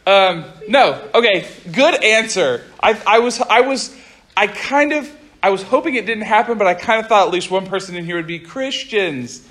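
Fast-talking high-voiced young male preacher. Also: lively intonation, fairly bright tone. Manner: fast-talking, chatty, self-interrupting. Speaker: youth pastor. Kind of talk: casual youth sermon. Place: room with a group of listeners.

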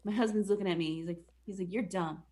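A young woman casually retelling a movie plot for a comedy podcast. She swears a lot and keeps dropping into quick mock voices for the characters. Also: mid-range voice. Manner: profane, animated, does mock voices for the characters.

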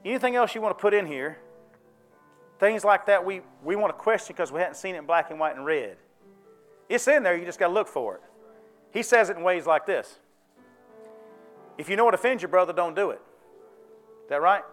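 A man's voice: high-pitched, animated, a little fast, fairly bright tone, faint music behind. A man preaching a sermon to his church, folksy and conversational, often checking in with the congregation. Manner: folksy, conversational preaching with call-and-response questions. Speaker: pastor.

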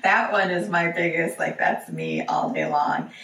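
A woman's voice: deep voice, sing-song, unhurried, fairly bright tone, reverberant, distant mic, rough recording. A candid woman in her forties, a guest author telling personal stories in a conversational podcast interview. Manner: candid, storytelling, acts out quotes.

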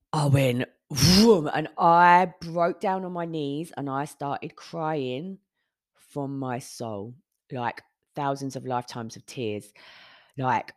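A woman's voice: very deep voice, no echo, studio quality. A woman, hosting a podcast and telling a personal story in a candid manner, often swearing and retelling conversations. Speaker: podcast host.

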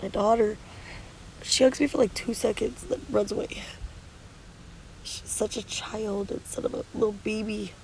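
A woman's voice: medium pitch, steady tone, normal speed, vocal fry, long pauses, a little mellow, a little hiss or hum, low-quality recording. A woman vlogging candidly outdoors at the beach, worn out from no sleep and tearful with a stuffy nose, talking in a weary, rambling, blunt way with swearing. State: exhausted and sleep-deprived. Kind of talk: candid confessional vlog.

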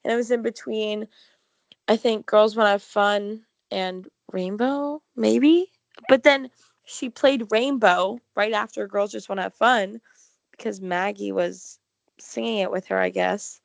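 A young woman co-hosting a casual chat, telling an excited, gushing story full of "like". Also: medium pitch, unhurried, vocal fry, dry recording. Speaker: podcast co-host.

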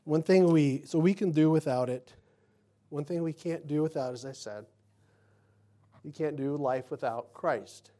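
A man's voice: fairly high pitch, a little slow, warm tone. A middle-aged male pastor telling folksy personal stories in a sermon, acting out the voices of the people in them. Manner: folksy storytelling, acts out quotes.

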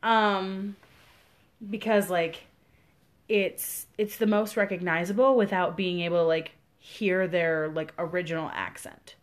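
A woman's voice: lowish voice, fairly even intonation, a little slow. A young Midwestern woman co-hosting a podcast, chatting casually and enthusiastically with plenty of fillers. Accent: Midwestern American. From American Midwest. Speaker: podcast co-host. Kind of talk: casual chat.

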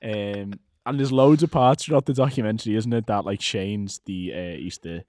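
A man's voice: fairly low pitch, normal speed, a little mellow, no echo. A man co-hosting a podcast in casual chat, rambling and laughing often as he trails off mid-sentence. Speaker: podcast co-host.

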